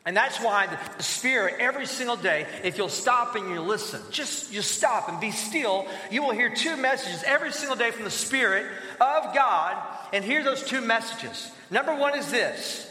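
A man preaches with a high, bright, ringing voice. He is energetic and calls on the congregation to fill in his words. The sound fills a large church hall and carries a long, echoey reverb. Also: normal speed. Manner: energetic preaching with call-and-response prompts. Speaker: pastor. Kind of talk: sermon.

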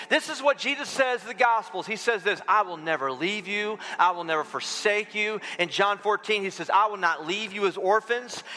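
A pastor with a high, bright voice leads a congregation in a sermon, repeating lines for them to echo back before moving into prayer. His delivery is emphatic and insistent. The sound carries the long reverb of a church sanctuary, with faint music underneath. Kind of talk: sermon with call and response, then prayer.

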